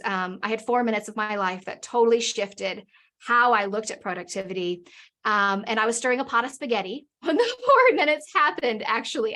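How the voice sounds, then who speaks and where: Energetic higher-voiced woman guest. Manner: energetic, vivid storyteller. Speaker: podcast guest, business owner. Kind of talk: storytelling in an interview.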